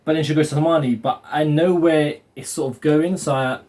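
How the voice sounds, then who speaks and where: A man chatting casually, relaxed and a bit hesitant, often repeating words. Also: on the high side, fairly quick. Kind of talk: casual chat.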